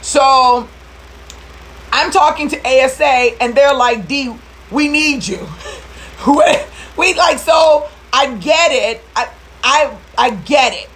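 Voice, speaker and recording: A woman's voice: high voice, takes it slowly, a bit bright. A middle-aged woman coaching recruitment business owners in a live video, rallying and preachy, getting emotional and near tears. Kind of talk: motivational live video talk.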